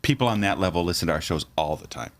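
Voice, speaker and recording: Low-voiced man reading scripture slowly. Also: expressive, fairly bright tone. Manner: jokey, laughs often, slows down to read aloud. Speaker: podcast co-host. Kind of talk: casual chat and scripture reading.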